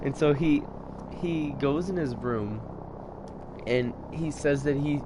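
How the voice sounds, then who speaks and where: A man's voice: fairly high pitch, slow pace, noisy background. Gaming host, young man, casual rambler, game sounds under the voice. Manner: rambling, restarts often. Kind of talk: casual storytelling over gameplay.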